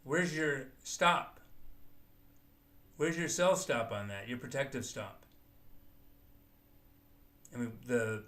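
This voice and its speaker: Bright, methodical man explaining trades. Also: medium pitch, expressive, takes it slowly, long pauses. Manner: methodical explaining, thinking aloud. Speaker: trading educator. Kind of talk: live market commentary.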